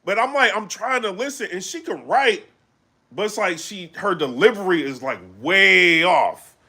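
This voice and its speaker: Animated man talking loose and lively. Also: sits high, a little slow, husky. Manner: animated, loose, full of fillers like "you know what I'm saying"; bursts into loud shouting when excited. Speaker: battle rap commentator. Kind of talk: casual live-stream chat.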